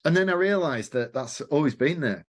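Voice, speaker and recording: A middle-aged man appears as a podcast guest, telling stories in casual conversation. His voice is a little high at normal speed, and he's animated, acts out the dialogue he quotes, and swears casually.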